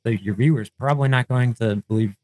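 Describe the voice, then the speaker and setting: A man in casual chat, laid-back and quick to laugh, swearing now and then. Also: medium pitch, darkish tone, no echo. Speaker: paranormal investigator.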